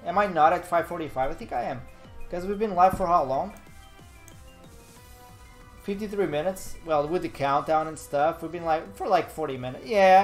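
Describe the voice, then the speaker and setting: A young man chatting casually on a live stream, rambling and laid-back, still a little nasal from a cold. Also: a little high. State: slightly nasal from a fading cold.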